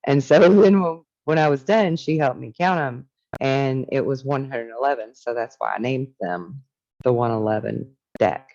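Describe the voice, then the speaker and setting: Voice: mid-range voice, normal speed, darkish tone, highs cut off. A spiritual teacher talking casually and reflectively, reading from a book and musing on its ideas.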